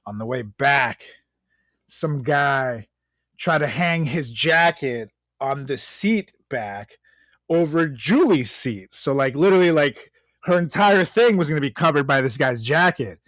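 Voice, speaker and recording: A man's voice: a little high, lively intonation, unhurried, fairly bright tone, dry recording, clean studio sound. A young man co-hosting a podcast, ranting in casual chat, swearing freely and laughing often. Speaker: podcast co-host.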